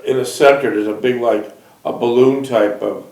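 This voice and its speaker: A man hosting an interview, firing off brisk questions and answering with short acknowledgments. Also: medium pitch, steady tone, gravelly, a little mellow, reverberant, rough recording. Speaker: interviewer, show host. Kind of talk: reading aloud and asking interview questions.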